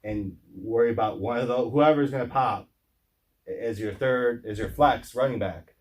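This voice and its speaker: A man co-hosting a sports podcast in casual chat, halting and repeating words, apologizing when he cuts in. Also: mid-range voice, far from the mic. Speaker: podcast co-host.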